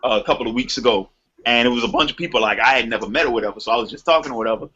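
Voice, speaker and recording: A man with a New Orleans accent telling a profane, animated story in a casual group call. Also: mid-range voice, rapid-fire, slightly rough, dull audio. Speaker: hangout participant. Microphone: video call.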